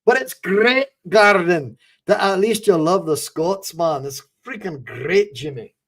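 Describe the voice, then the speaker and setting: Brief: man doing a put-on Glaswegian voice, chummy Scot, pitched up, loud and uneven. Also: lively intonation, a little slow. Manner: matey, calls everyone mate, loud and uneven. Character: chummy Scottish man, attempted Glaswegian accent.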